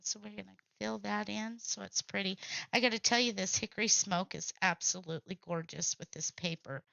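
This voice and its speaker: Woman, crafting host, casual blunt chatter, gravelly voice, dull lo-fi recording. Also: medium pitch, fairly even intonation, brisk, sharp tone, no echo. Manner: blunt, salty, laughs often. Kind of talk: casual craft livestream chat. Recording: dull lo-fi sound.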